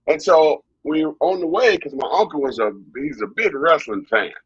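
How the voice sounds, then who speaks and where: Husky-voiced man telling wrestling stories. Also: a little high, normal speed, no room sound, lo-fi sound. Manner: animated, repetitive storyteller. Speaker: wrestling guest. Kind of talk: storytelling interview.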